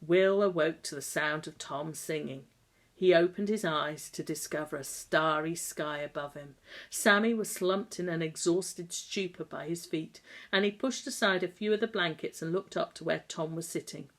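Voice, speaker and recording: A woman narrating an audiobook in a calm, even storytelling manner. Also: deep voice, moderate pace. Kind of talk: audiobook reading.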